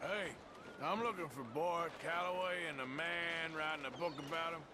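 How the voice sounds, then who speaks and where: An actor playing a gruff, weary middle-aged outlaw cowboy in a video game, speaking with a rough, blunt drawl. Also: male voice, a little high, moderate pace, noisy background, lightly acted. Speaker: game protagonist.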